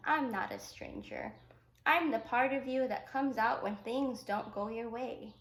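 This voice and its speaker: A woman's voice: fairly high pitch, fairly bright tone. A woman reading the part of a hairy red creature that is a boy's anger, speaking in a reassuring, matter-of-fact way. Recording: echoey room.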